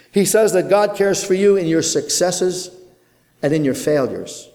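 A man preaching an earnest sermon in a church, with rhythmic phrasing and dramatic pauses. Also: a little high, warm tone. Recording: long hall reverb.

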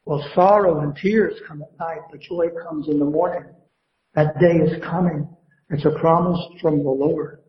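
A man's voice: a little high, fairly even intonation, moderate pace, reverberant, highs cut off. A man preaching a sermon to a congregation, building emphasis and asking the crowd questions. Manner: preaching with rising emphasis and call-and-response questions. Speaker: pastor. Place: church sanctuary.

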